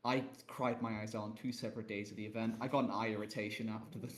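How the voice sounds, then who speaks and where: A man on a video call telling self-deprecating stories about his roleplay mistakes in an animated, casual way. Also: on the low side, fast, a little hiss or hum. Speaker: panelist on a roleplay Q&A stream. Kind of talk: casual chat.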